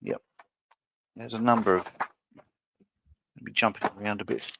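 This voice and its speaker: A man's voice: lowish voice, steady tone, measured pace, vocal fry, sharp tone. A man hosting a live stream, musing aloud with many fillers and restarts as he works on a model. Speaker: livestream host building a model ship. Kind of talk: casual live-stream chat.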